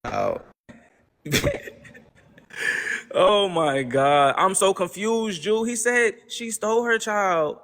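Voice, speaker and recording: A man's voice: sits high, slow, long pauses, fairly bright tone. A young man hosting a livestream, ranting to his chat in casual slang and repeating exasperated rhetorical questions. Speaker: livestream host.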